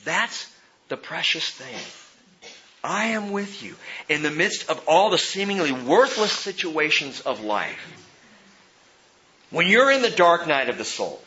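A man in his forties, a pastor preaching a sermon, who shifts from hushed, slow emphasis to loud, high-pitched exhortation. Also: very animated, dull audio. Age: 40s.

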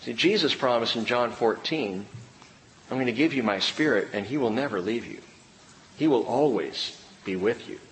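A middle-aged man preaching a sermon, swinging between loud bursts and hushed lines. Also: medium pitch, expressive, moderate pace. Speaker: pastor. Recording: reverberant hall with faint room noise.

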